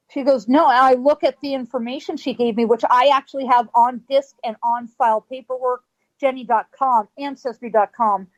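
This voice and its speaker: A woman from California, a psychic guest on a radio show, telling a story with lively quoted voices and frequent laughs. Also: high voice, normal speed, poor audio.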